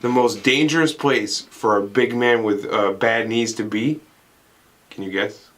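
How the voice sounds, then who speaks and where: A man's voice: mid-range voice, steady tone, measured pace, fairly bright tone. A young man co-hosting a podcast, telling rambling, profane stories in casual banter and laughing often. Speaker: podcast co-host.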